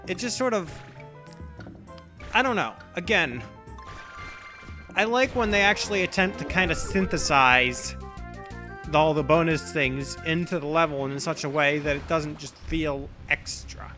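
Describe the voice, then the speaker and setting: A man's voice: on the high side, a little slow, pauses often, bright, forceful tone. A young man giving casual, rambling let's play commentary, often correcting himself as he thinks aloud. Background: game music.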